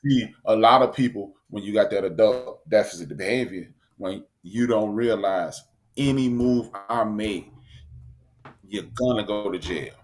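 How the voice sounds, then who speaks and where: A man, co-hosting a casual talk show and telling an animated story. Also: fairly low pitch, measured pace. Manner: storytelling, animated, acts out quotes. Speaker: podcast co-host. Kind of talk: casual chat.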